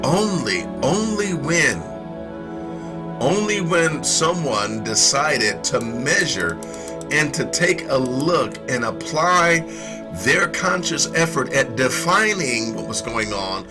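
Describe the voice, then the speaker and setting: Slow, emphatic man teaching a sermon. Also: medium pitch, very animated, over music. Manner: slow, emphatic, repeats phrases.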